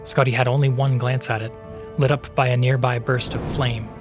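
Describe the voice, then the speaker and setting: A man narrating a fantasy story as the podcast's host, in even, measured storytelling. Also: medium pitch, music in the background. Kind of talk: scripted audiobook narration.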